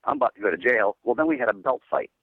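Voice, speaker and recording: A man's voice: fairly low pitch, rapid-fire, breathy edge, no room sound, phone-quality sound. A man, a metal band's singer, chatting casually in an interview and telling rambling laid-back stories full of "dude". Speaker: metal band singer guest.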